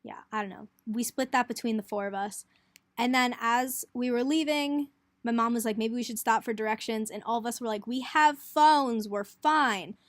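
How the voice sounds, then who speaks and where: A woman's voice: fairly high pitch, steady tone, a little fast, no room sound. A young woman, a college student, chattily retelling a hectic trip in a casual vlog and acting out the quotes. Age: young adult. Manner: chatty, breathless retelling, lots of "like", acts out quotes.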